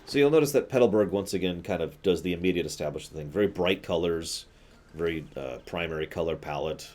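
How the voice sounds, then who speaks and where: Deep-voiced chatty game streamer man. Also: quick pace, darkish tone. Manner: chatty, offhand asides. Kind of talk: casual game commentary.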